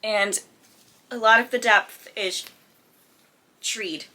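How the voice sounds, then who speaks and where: A woman's voice: medium pitch, steady tone, takes it slowly, pushed and bright. A woman chatting casually about a sitcom while drawing at home, as host of a reaction video.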